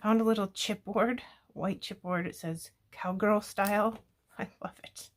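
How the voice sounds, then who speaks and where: Casual crafting host, female, low husky-gravelly voice, chatty, thinks aloud, trails into murmurs. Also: steady tone, measured pace. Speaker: scrapbooking video host. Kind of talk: casual crafting talk-through.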